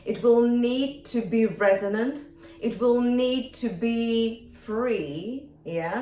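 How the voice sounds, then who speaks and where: A woman vocal coach giving a singing lesson, talking viewers through exercises and singing short bright demonstration notes. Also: on the high side. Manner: encouraging, addresses viewers directly, demonstrates bright twangy sung notes. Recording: roomy sound from a bit off the mic, faint music.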